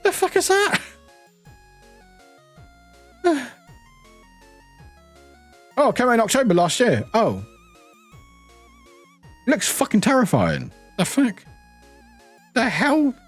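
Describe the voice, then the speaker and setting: A man from the UK, streaming and chatting casually, reading chat aloud, lively and swearing freely. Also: very high voice, slow, long pauses, slightly rough, faint music behind. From United Kingdom.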